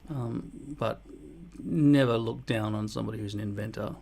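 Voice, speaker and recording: With a fairly low, darkish voice and vocal fry, this vlogger reads out comments at a moderate pace. He responds casually in a blunt, mock-boastful way, swearing a lot.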